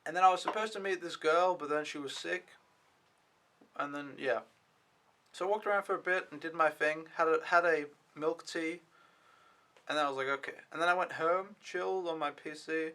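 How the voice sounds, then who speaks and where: A man's voice: a little high, fairly even intonation, moderate pace, sharp tone. A young man recapping his week as an au pair in a casual, rambling vlog, swearing now and then when annoyed. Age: young adult. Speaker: au pair vlogger.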